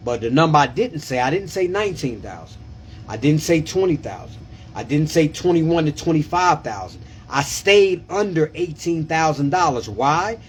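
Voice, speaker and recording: A man's voice: fairly high pitch, expressive, normal speed, a little hiss or hum. Emphatic man on a casual livestream. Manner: emphatic, repeats himself and asks "you understand?". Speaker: tax preparer and coach. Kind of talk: casual live-stream talk.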